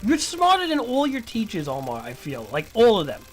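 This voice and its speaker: A man's voice: high-pitched, wildly swooping pitch, fairly quick, slight background noise. A man streaming, ranting in a lecturing, repetitive and profane way. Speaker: livestreamer. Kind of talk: casual stream rant.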